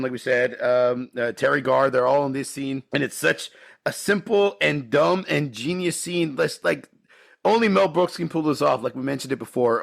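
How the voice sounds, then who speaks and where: A man co-hosting a casual podcast, talking excitedly and laughing as he acts out quoted film lines. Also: medium pitch, gravelly. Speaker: podcast co-host.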